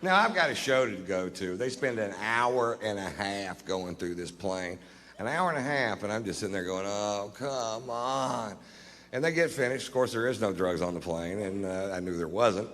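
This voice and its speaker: A man doing stand-up, telling a story in a laid-back, profane, deadpan way with slow, dry pauses on a theater stage. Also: lowish voice, long reverb tail. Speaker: stand-up comedian.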